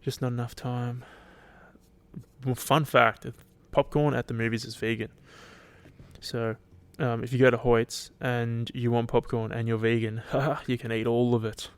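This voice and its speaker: A man's voice: medium pitch, level tone, unhurried, smooth, dry recording. A young Australian man hosting his podcast alone, chatting casually in a loose, rambling and sweary way. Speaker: podcast host. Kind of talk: casual solo chat.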